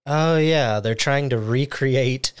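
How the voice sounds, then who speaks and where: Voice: medium pitch, takes it slowly, smooth. A podcast host recapping a show episode in casual chat, acting out the characters' lines. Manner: animated storytelling, acting out lines.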